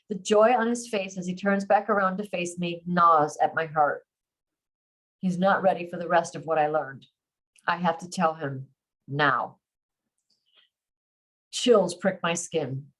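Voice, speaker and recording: A woman who writes romance, reading her own novel aloud in first person with expressive emotion and a chatty sign-off. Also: fairly low pitch, rough recording. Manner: expressive, emotional, slows on heavy lines.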